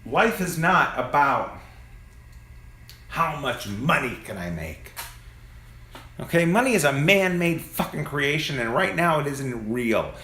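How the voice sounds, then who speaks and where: A man's voice: a little high, sing-song, slow, long pauses, sharp tone, reverberant. A man delivering an angry, profane, preachy monologue, recorded on a phone among parked cars. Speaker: vlogger. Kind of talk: ranting monologue.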